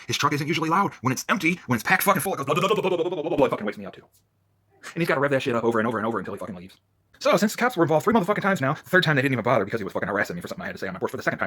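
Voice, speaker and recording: Fast, furious profane man ranting. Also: mid-range voice, breathy edge. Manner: profane, agitated, swings between shouting and muttering. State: worked up. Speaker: vlogger. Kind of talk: angry ranting vlog.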